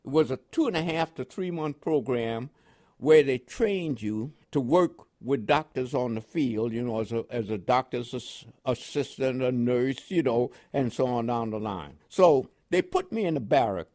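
Animated older man telling a story. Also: medium pitch, moderate pace. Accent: New York with West Indian inflections. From Panama. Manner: animated storyteller with laughs and quoted dialogue. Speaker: interviewee, veteran. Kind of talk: oral history storytelling.

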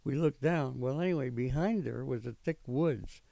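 An older man with a gravelly, mellow voice recounts his memories, stopping often with fillers as he rambles on. The sound is dry and close. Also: mid-range voice, no room sound. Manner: rambling storytelling with frequent pauses and fillers. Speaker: veteran interviewee. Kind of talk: oral history recollection.

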